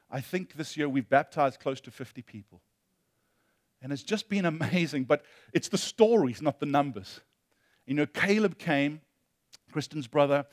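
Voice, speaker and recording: Guy preaching a sermon, fairly high voice, gets loud then goes quiet and soft, dry close sound. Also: no room sound. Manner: impassioned, swinging from loud preaching to hushed storytelling. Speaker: pastor.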